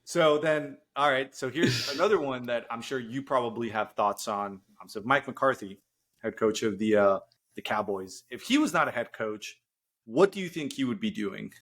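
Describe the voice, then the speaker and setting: A young man co-hosting a casual sports podcast, joking and slipping into quick impressions as he tells stories. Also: mid-range voice. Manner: animated, jokey storytelling with quick bits of mimicry. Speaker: podcast co-host.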